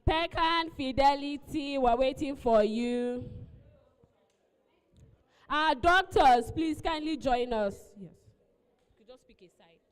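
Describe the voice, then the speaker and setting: A woman's voice: sits high, takes it slowly, pauses often. A woman hosting a live event, coaxing the crowd and repeating her pleas as she makes announcements. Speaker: event host. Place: large event hall. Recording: long hall reverb.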